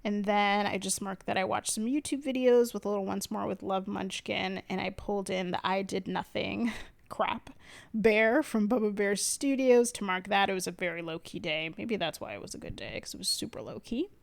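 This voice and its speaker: A chatty woman from Connecticut talks through her planner in a relaxed voiceover. Her voice has a gravelly fry, and her pitch sits in the middle. She rambles, laughs a lot and calls her listeners "y'all.". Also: normal speed. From Connecticut, USA. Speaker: planner vlogger. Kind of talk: casual voiceover narration. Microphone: voiceover mic.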